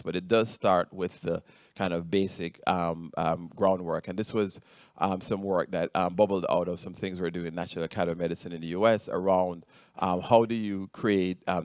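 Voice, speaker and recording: A man's voice: sits low, darkish tone, dry recording, clean studio sound. A middle-aged man with a Jamaican accent giving a conference presentation, hesitant with many ums and restarts. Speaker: conference speaker.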